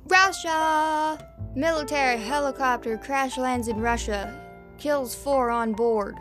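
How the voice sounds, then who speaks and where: Brief: Southern woman, unhurried, fairly high, sarcastic news host, faint music under. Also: steady tone. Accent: American Southern, slipping in. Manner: stumbles over names, sarcastic asides. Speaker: podcast host reading news. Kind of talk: casual news commentary.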